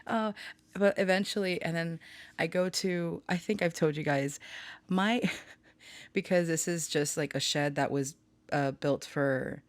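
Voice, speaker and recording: A woman's voice: low-pitched, measured pace, dry recording. A woman chatting casually from a small home studio, rambling and laughing often, telling stories with self-aware melodrama. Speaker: spiritual channeler and tarot reader. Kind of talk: casual chat.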